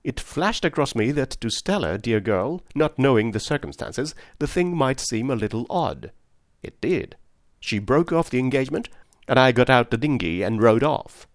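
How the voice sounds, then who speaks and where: A man reading the part of a frazzled, nervous young gentleman who rambles through his story in rapid, breathless chatter. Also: medium pitch, sing-song, no room sound, clean studio sound. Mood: rambling.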